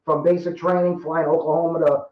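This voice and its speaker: A man in his fifties from Rhode Island tells stories in a loose, rambling way, often circling back and restarting his sentences. His voice sits a bit high for a man. The recording is roomy and somewhat dull. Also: level tone, brisk. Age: 50s. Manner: rambling, chatty, repeats and restarts. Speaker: podcast guest. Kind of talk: casual storytelling.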